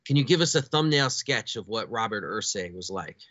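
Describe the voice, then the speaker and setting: Guy doing an interview, bright forceful voice, dry muffled sound. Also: on the low side, expressive, no echo. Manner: measured, building up questions at length. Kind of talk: interview questions.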